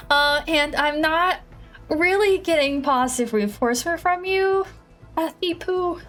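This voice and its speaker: High-voiced woman streamer, unhurried. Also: fairly bright tone, faint music behind, low-quality recording. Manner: playful, dramatically whiny and self-mocking. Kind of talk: casual live-stream gameplay commentary.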